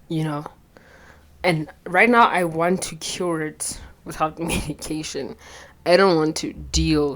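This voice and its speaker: A young woman, talking bluntly and profanely in a rambling confessional vlog, her voice a little shaky with anxiety. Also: low voice. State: anxious, voice shaky. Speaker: vlogger.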